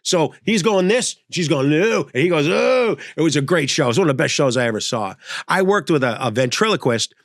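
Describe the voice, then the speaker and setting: A man's voice: a little high, animated, a little fast, fairly bright tone, no room sound, studio quality. A man in his sixties, a comedian telling rambling job stories as a grumbling old-timer who pokes fun at himself. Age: 60s. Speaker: comedian and host. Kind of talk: comedic storytelling monologue.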